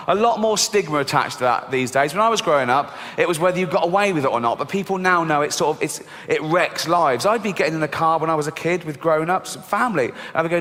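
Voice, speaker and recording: Captured through a stage microphone at a live show, a middle-aged comedian works a theatre stage with dry, deadpan delivery, swearing without restraint and squeaking out children's voices. The hall reverb is long, there's faint background noise, and the crowd laughs throughout.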